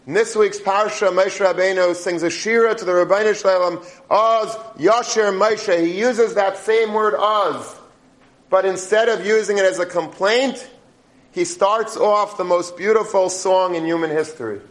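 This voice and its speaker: A man's voice: high-pitched, unhurried. A man teaching on the weekly Torah portion, emphatic and full of rhetorical questions.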